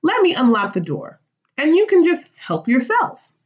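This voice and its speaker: A woman's voice: sits high, very animated, normal speed, lo-fi sound, pitched above the performer's own voice. A woman reading as a defensive greedy merchant.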